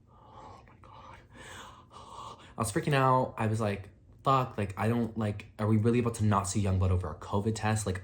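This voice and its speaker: A young man telling a casual storytime vlog, rambling with lots of filler words and sudden excited jumps in pitch. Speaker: vlogger.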